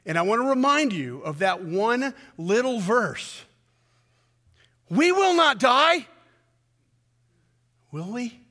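A man preaching a sermon as pastor, swinging from loud emphatic peaks down to low, intimate pleading. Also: long reverb tail. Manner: impassioned, rising to loud peaks then dropping low and intimate.

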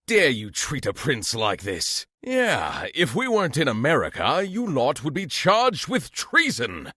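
A man's voice: medium pitch, wildly swooping pitch, a little slow, sharp tone, breathy edge, no echo, full character voice. A man voicing an indignant young friend, scolding in a haughty tone.

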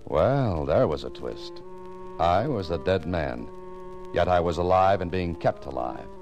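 An actor playing a wry, defiant writer held captive, who also narrates, in 1940s radio acting. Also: male voice, sits low, animated, a little slow, dull audio, music in the background. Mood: narrating. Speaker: narrator and lead.

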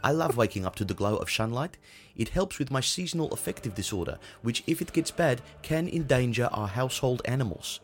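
A man voicing a brutish, self-important Dutch father with a Dutch accent, reading a spoof blog in a deadpan, pompous way. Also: medium pitch, a little fast, slight background noise, lightly acted. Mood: deadpan boastful.

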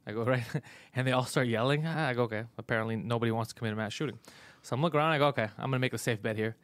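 A man's voice: medium pitch, very fast, fairly bright tone, clean tone, dry recording. A man hosting a casual livestream chat, a teasing, profane storyteller who sounds tired from travel. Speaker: comedian and podcast host.

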